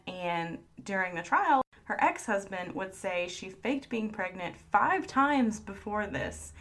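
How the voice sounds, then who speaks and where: A woman's voice: mid-range voice, a bit bright. A woman co-hosting a podcast, telling a story in a casual, chatty way and laughing often. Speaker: podcast co-host. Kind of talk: casual chat.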